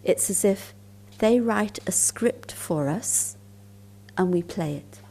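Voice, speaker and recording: A woman giving a spiritual talk at a conference, telling stories calmly and unhurriedly, sometimes dropping into soft, near-whispered asides. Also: medium pitch, slow, slight background noise. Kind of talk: storytelling lecture at a conference.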